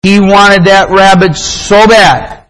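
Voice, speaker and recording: Slow, earnest man preaching a sermon. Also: sits high, fairly even intonation, fairly bright tone, low-quality recording. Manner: slow, deliberate, earnest delivery. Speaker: pastor. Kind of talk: sermon with prayer and storytelling.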